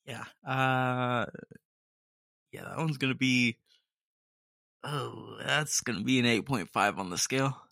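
Female podcast host, playful reactor, bright and dry close sound. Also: very deep voice, slow, gravelly, pauses often, no echo. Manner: playful, reacting with laughs and "dude". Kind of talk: casual commentary on clips.

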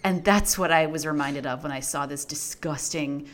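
Low-voiced blunt woman on a podcast. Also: moderate pace. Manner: blunt, profane, rambling. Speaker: podcast co-host. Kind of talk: casual movie chat.

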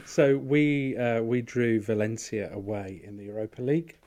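A man's voice: mid-range voice, normal speed, a little mellow. A man co-hosting a podcast, telling rambling, sweary anecdotes in casual chat. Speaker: podcast co-host.

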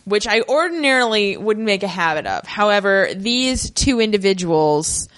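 A woman's voice: mid-range voice, expressive, moderate pace, a bit bright. A woman co-hosting a podcast, chatting casually and reading listener letters, laughing often. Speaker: podcast co-host.

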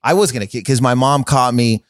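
Male comedian, Canadian, rambling storyteller who laughs through his own tales; mid pitch, dry mic. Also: fairly quick, no echo. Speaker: comedian guest. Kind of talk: casual storytelling chat.

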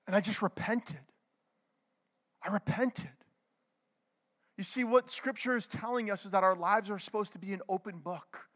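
A middle-aged man preaches from the pulpit in a strikingly high voice, and long reverb from a large church hall trails every phrase. He swings between loud, urgent exhortation and near-whispered confession, stopping to ask the congregation for an amen. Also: a little slow, long pauses. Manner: calls for amens from the congregation. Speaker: pastor. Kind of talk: sermon.

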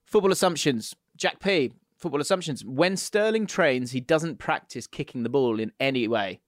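A man's voice: mid-range voice, lively intonation, normal speed, no echo, studio quality. A man hosting a casual podcast, chatty and laughing as he reads listener messages aloud. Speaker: podcast host.

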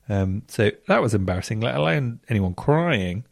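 A man hosting a radio show, chatting with listeners in an animated, camp way. His low voice swoops far up into squeals of surprise and then drops to a murmur. The sound is close and dry. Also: brisk, gravelly, dry recording. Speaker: radio host reading listener stories. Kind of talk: casual chat.

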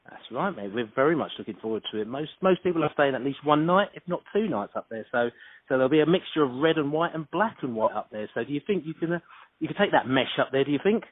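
Fast-talking London man, tinny sound. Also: fairly high pitch, expressive, breathy edge, dry recording. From London, England. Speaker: podcast host. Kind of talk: casual interview. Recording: tinny phone-like sound with faint noise.

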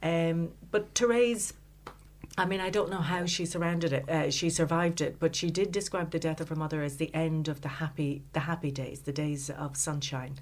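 A woman speaking as an interview guest, telling a story in a halting, heartfelt way with many fillers. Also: sits low, steady tone. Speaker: author guest. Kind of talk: conversational interview.

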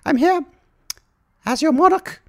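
A man voicing an elderly queen in a high falsetto, giving a grand public address that turns crude. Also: measured pace. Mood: regal, crude. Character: elderly queen, regal and bluntly foul-mouthed.

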